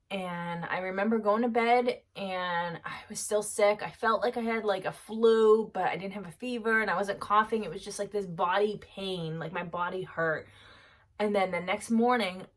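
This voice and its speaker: A woman's voice: medium pitch, normal speed, a bit bright. Candid woman telling her story. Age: 30s. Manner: candid, conversational, many fillers. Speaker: vlogger sharing her recovery story. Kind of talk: personal storytelling to camera.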